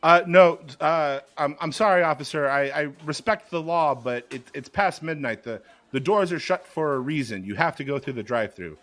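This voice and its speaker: A man doing a stammering, nervous fast-food clerk. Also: a little high, animated, fairly bright tone. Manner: stammering, timid. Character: nervous young male fast-food worker. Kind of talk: improv comedy.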